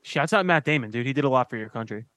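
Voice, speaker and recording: A man's voice: medium pitch, expressive, quick pace, a bit bright, dry recording. A man bantering on a podcast, joking and slangy, calling everyone dude. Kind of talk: casual chat.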